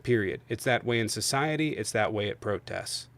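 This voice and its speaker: A man hosting a livestream of political debates, venting angrily with heavy profanity and loud bursts, then calmly reading out subscriber thanks. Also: fairly low pitch, normal speed. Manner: angry, profane ranting. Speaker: livestream host. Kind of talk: heated political debate stream.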